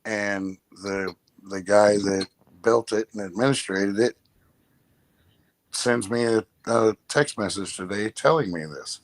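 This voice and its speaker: A man speaking as a co-host on a talk show, in a measured, conversational way. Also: fairly low pitch, no echo. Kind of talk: casual talk-show chat.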